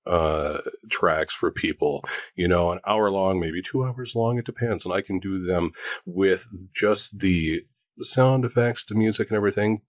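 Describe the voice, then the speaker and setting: A man's voice: low voice, measured pace, no room sound. A man in his forties hosting a casual chat, talking in a rambling, joking way. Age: 40s. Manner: chatty, rambling, self-joking. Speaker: host.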